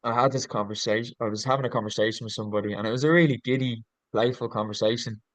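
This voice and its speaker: A man's voice: mid-range voice, fairly even intonation, racing, a bit bright, no echo, low-quality recording. A man, a coach on a podcast, talking reflectively and earnestly, often restarting his sentences and searching for words with ums. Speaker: podcast guest, leadership coach.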